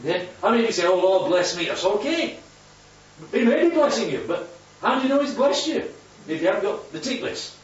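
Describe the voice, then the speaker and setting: A man preaching an interactive sermon, animated and quizzing the congregation as he goes. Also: extremely high pitch, fairly quick. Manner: animated, asks the congregation questions. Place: church hall. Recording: echoey hall from far off, dull.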